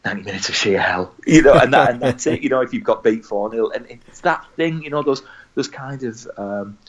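A man's voice: mid-range voice, normal speed. A man from England co-hosting a casual podcast, chatty and rambling, with a mocking streak. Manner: chatty, rambling, mocks adverts with put-on voices. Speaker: podcast co-host.

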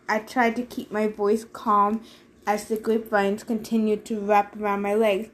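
A woman's voice: mid-range voice, flat delivery, moderate pace. A woman narrating a novel aloud in first person, giving the characters their own voices. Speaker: reader. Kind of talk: audiobook narration.

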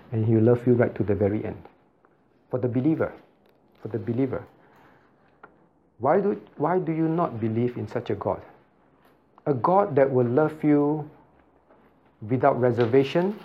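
A man's voice: mid-range voice, warm tone. A male pastor teaching a Bible study. He asks his listeners many rhetorical questions and repeats phrases for emphasis. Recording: slightly dull lo-fi recording.

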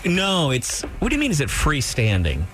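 A wry radio sidekick man whose voice swings up and down lively as he teases the hosts. Faint music plays behind. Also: fairly high pitch, moderate pace. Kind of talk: casual radio banter.

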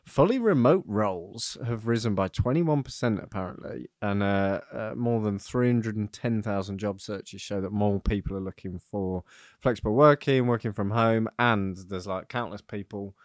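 A man's voice: fairly low pitch, normal speed, no room sound, clean studio sound. A young British man co-hosting a podcast, casual, playful and teasing. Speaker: podcast co-host. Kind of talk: casual chat.

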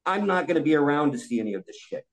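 A man in his forties vents his frustration in a heated podcast discussion. His voice sits a little high and he swears freely, with an angry, blunt, insistent tone. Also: very animated, rapid-fire, rough recording. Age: 40s. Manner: angry, profane ranting. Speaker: roundtable guest.

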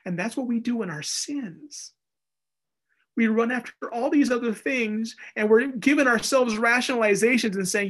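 A man preaching a conversational Bible teaching, animated and acting out little voices as he goes. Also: very high-pitched, normal speed. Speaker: pastor. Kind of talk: expository sermon.

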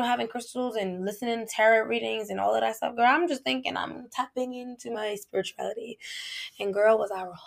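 A woman hosting a podcast, telling a casual faith testimony in an animated, colloquial way and speaking straight to her listeners. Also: medium pitch. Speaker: podcast host.

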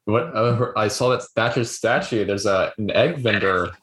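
A man with a somewhat low voice drops dry one-liners into a casual podcast chat. There is a faint noise behind him. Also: moderate pace, fairly bright tone. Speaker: podcast co-host.

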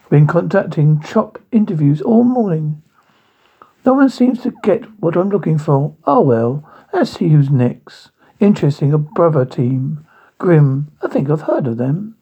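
Brief: man doing a ghoulish horror host, husky, gleeful punster, lo-fi take. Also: fairly high pitch, exaggerated voice. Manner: gleeful, punning, sing-song.

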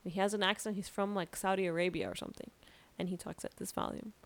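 A young woman, a podcast co-host and student, chatting casually and telling animated stories with quoted voices. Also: mid-range voice, fast, vocal fry. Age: young adult. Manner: animated storyteller, quoting others in playful voices. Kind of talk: casual chat.

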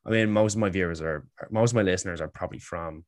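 A man's voice: low voice, quick pace, no echo, studio quality. A young Irish man hosting a podcast, chatting casually, laughing and swearing freely. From Ireland. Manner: laid-back, swears freely, laughs often. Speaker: podcast host. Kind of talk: casual chat.

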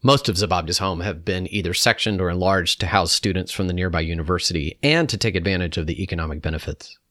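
A man reading a personal reflection aloud in a calm, measured way. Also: low voice, no room sound, studio quality. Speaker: narrator.

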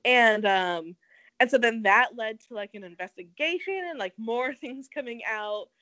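A young woman with a fairly high voice chats casually on a podcast. She tells the story with lots of "like" and acts out the quotes, and her voice sounds close and dry. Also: animated, normal speed, pushed and bright, dry recording, muffled recording. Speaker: podcast co-host. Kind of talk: casual chat.

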